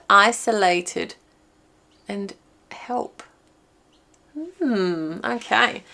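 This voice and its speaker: Woman, card reader, pick-a-card reading, thinks aloud, slow, gravelly voice. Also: mid-range voice, a bit bright. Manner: chatty, thinks aloud while pulling cards. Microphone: filming herself while watching a small screen.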